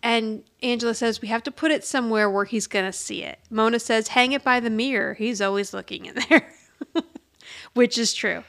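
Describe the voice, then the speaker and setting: A woman's voice: a little high, steady tone, moderate pace, vocal fry, fairly bright tone. A woman co-hosting a podcast, casually recapping a TV episode and acting out the characters' lines, often laughing. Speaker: podcast co-host.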